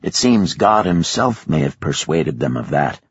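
A man's voice: a bass voice, big pitch swings, a little slow, slightly rough, dry recording, highs cut off, full character voice. A man voicing a defiant male hostage with a sardonic, questioning manner.

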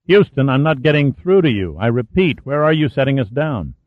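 A man's voice: medium pitch, very animated, fairly quick, dry recording, pitched above the performer's own voice, natural voice. A man voicing a tense, desperate male shuttle commander who speaks urgently, on a tinny, dry recording. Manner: urgent, demanding. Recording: tinny phone-like sound, dry.

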